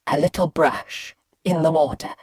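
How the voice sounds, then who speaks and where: A woman animatedly telling a comic childhood story, shifting from hushed asides to loud excited bits. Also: low voice, unhurried, slightly rough, no room sound, studio quality. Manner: lively, swings between hushed and loud bits.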